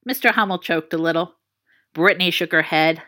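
A woman narrating a story in a playful, expressive reading. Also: fairly low pitch, fairly quick.

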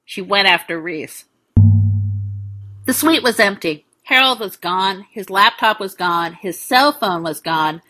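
A woman reading an audiobook thriller in steady, measured scripted narration. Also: medium pitch.

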